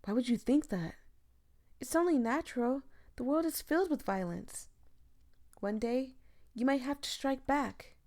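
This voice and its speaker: A woman's voice: sits high, a little slow, long pauses, a little mellow, voice pushed up. A woman voicing a sweetly menacing young woman who coaxes and manipulates with honeyed words. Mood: persuasive. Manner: coaxing and sugary, with a sinister edge.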